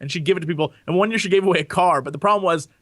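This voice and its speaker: A man co-hosting a casual gaming podcast, animated and quick to mimic characters. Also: dry recording, clean studio sound. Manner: animated, mimics characters in high squeaky voices. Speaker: podcast co-host. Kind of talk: casual chat.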